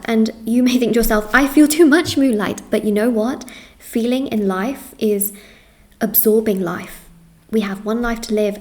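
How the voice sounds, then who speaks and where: With a fairly high, warm voice, a tarot reader talks to her viewers earnestly and reassuringly. She tends to repeat herself and reels off lists in rapid runs.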